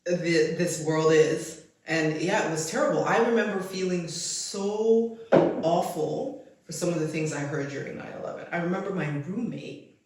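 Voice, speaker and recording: A woman's voice: on the low side, moderate pace. A woman in her forties, co-hosting a casual podcast, telling stories animatedly with lots of "like" fillers. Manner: animated storyteller, heavy "like" filler. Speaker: podcast co-host. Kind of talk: casual chat. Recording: echoey room.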